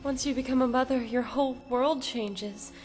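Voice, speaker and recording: A woman's voice: sits high, steady tone, normal speed, close to an everyday voice. An actress playing a desperate mother who fights to get her lost son back. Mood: remorseful. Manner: frantic pleading, then quiet confessional. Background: music score.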